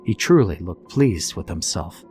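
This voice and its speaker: Male narrator for bedtime horror, low, steady and calm, faint music bed. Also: unhurried. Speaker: storyteller.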